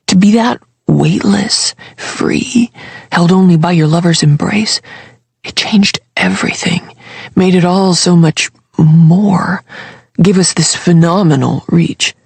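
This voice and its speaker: A narrator voicing a flamboyant, gossipy young male coworker who gushes theatrically and drops into husky whispers. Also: medium pitch, no room sound.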